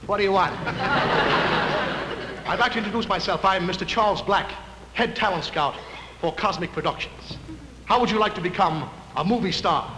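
A man playing a boastful fast-talking talent scout. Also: high-pitched, natural voice. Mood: pushy. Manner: pushy salesman patter. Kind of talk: 1940s live TV sketch acting. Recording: echoey theater hall, noisy old broadcast.

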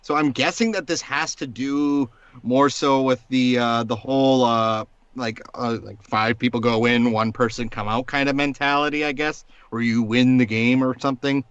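A man's voice: mid-range voice, fairly even intonation, normal speed, few pauses, fairly bright tone, smooth, dry recording, lo-fi sound. A man in a casual panel chat, talking hesitantly with many fillers.

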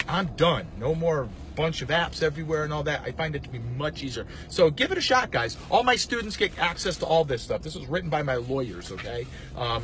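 A man, a landlord and coach, rambling in a casual, salesy pitch to camera. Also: a bit bright, a little hiss or hum. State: out of breath. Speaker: landlord and real estate coach.

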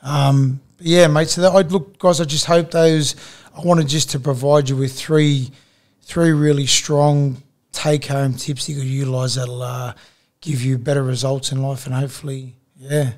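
A man's voice: medium pitch, flat delivery, moderate pace, hardly any pauses, darkish tone. Laid-back man, casual podcast chat. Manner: laid-back, peppers talk with "mate" and "you know". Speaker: podcast co-host.

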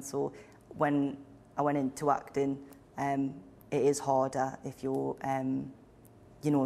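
A young actress with a Geordie accent talks about her career. Her delivery is chatty and full of ums, with a fairly flat, even pitch. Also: vocal fry. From Newcastle, England. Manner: chatty, lots of ums, laughing. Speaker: actor. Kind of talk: interview.

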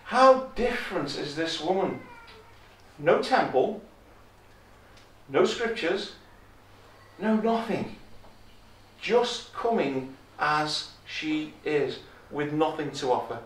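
A visiting preacher's slightly high, somewhat bright voice swings widely in pitch as he speaks slowly, pausing often. His chapel sermon is emphatic, with repeated key phrases and a louder voice for scripture. Heard from far off, the echoey audio has slight background noise.

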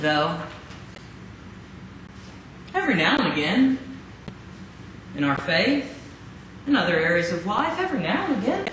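A man preaching a sermon as pastor, dramatic, with rhetorical questions and drawn-out emphasis. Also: high-pitched, fairly bright tone. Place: church sanctuary. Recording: very echoey hall, faint noise.

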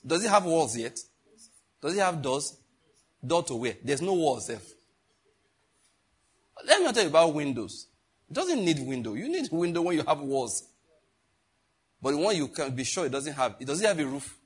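A man's voice: fairly high pitch, sing-song, normal speed, pauses often, slightly rough. A middle-aged man, teaching a sermon in a conversational, joking way and asking the congregation questions. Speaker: pastor.

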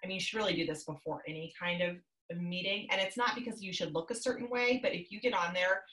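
Woman in her thirties, coach, slightly low voice, chatty and upbeat, echoey video call from a home office. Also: fast talker, sharp tone. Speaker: business coach guest. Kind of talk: casual advice talk over video call.

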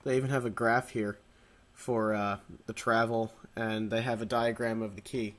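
A man's voice: on the low side, little pitch movement, moderate pace, a little hiss or hum. A man with a nasal voice, getting over the flu, chatting casually through a keyboard review with frequent restarts and fillers.

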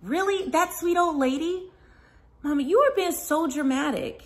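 A woman's voice: very high voice, normal speed. A woman playing an exasperated mother who scolds her dramatic mom and a mooching neighbor boy. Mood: scolding.

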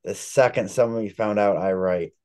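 A man's voice: fairly low pitch, fairly quick, warm tone, clear, resonant tone. A man being interviewed as an author, telling long, rambling stories in a casual chat. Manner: chatty, rambling storyteller. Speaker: author guest.

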